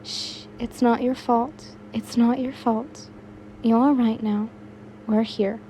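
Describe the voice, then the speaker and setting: A woman voicing a kind young queen, soft and caring yet firm, in a read-aloud fan fiction. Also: mid-range voice, moderate pace, slight background noise, lightly acted.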